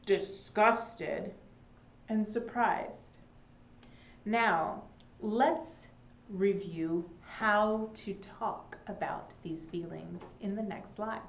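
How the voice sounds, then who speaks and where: Young woman English teacher, slow and animated delivery, echoey home room. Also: mid-range voice. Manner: slow and animated, with Spanish glosses. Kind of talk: online English lesson.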